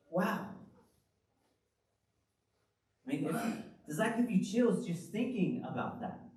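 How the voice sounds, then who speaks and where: A man preaching a sermon as pastor, in an animated, conversational style full of rhetorical questions. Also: a little high, moderate pace. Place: church hall. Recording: very echoey hall, from the far mic.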